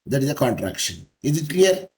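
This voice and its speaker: A man teaching an online law class, explaining slowly and spelling out letters one by one. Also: medium pitch, very animated, darkish tone. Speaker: law lecturer. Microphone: video call.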